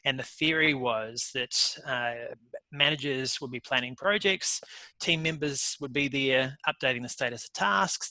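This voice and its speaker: A man in his forties with a New Zealand accent, a guest telling his career story in a relaxed way with fillers. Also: mid-range voice, no room sound, rough recording. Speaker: guest, software company founder. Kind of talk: casual interview talk.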